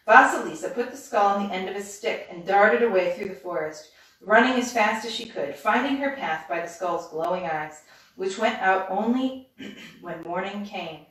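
A woman reading a fairy tale aloud as a bedtime story in steady, even narration. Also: mid-range voice, normal speed. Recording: roomy, distant mic.

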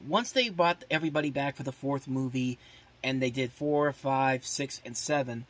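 A man's voice: medium pitch, normal speed. A man hosting a podcast, giving a casual, rambling movie preview full of "like" fillers and restarts, openly opinionated and exasperated. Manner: opinionated, exasperated about films. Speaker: podcast host.

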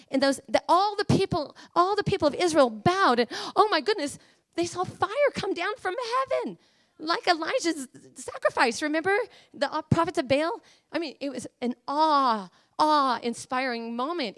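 A woman preacher with a high voice delivers an emotional sermon, moving from quiet, intimate talk to fiery declarations. The sound is dry and close, with no room echo. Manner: passionate, emotional, swinging from hushed to fiery. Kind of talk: Pentecostal-style sermon.

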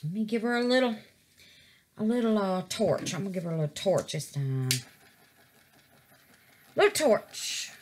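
In this crafting vlog, a chatty middle-aged woman works on resin, addressing viewers as babies and crying out to the Lord. Her mid-range voice is lively and moves at a normal speed, with frequent pauses and slight background noise.

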